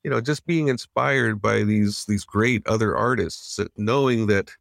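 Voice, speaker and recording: A man's voice: lowish voice, measured pace, creaky, fairly bright tone, no echo, clean studio sound. A middle-aged man, a veteran animator, telling stories in an earnest, reflective way with frequent restarts. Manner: earnest, reflective, many restarts and acted-out quotes. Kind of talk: casual interview storytelling.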